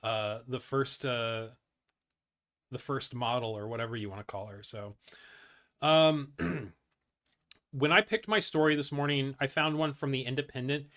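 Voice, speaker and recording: A man's voice: medium pitch, a little slow, pauses often, a bit bright. A man hosting a casual news commentary show, reading articles aloud with blunt, profane asides and many fillers and restarts.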